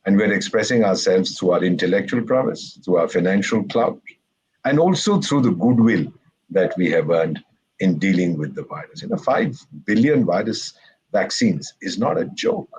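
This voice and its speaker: The speaker is a retired ambassador from India on a discussion panel, with a low, animated voice that is a little mellow and breathy, at normal speed and on a rough recording. He's a wry, sarcastic storyteller who acts out quotes during lively panel talk full of jokes and quoted asides.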